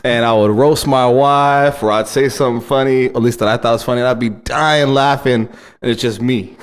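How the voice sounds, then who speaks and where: A man in his thirties, a podcast co-host, telling family stories in casual chat and laughing often. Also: medium pitch. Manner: animated storytelling, laughs often.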